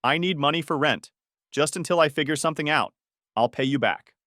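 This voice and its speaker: A man's voice: a little high, fairly quick, a bit bright, dry recording, studio quality, natural voice. A man voicing a desperate, manipulative young woman who shrieks and pleads tearfully. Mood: pleading.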